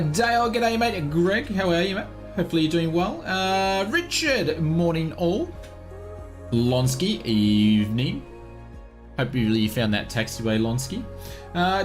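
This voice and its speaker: A man with an Australian accent hosting a live flight sim stream, chatting upbeat and greeting viewers one by one. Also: high voice.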